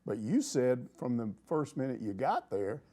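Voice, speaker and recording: A man's voice: mid-range voice, big pitch swings, moderate pace, warm tone. A middle-aged man hosting a casual sports talk show, rambling and opinionated. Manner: rambling, opinionated, acts out quoted people.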